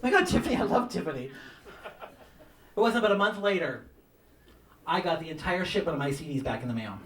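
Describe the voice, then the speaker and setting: A man doing a stand-up comedy set, telling campy stories about his mother and mimicking her in a shrill voice, with audience laughter behind him. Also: lively intonation, normal speed, fairly bright tone. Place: comedy club stage. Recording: roomy club sound from some distance.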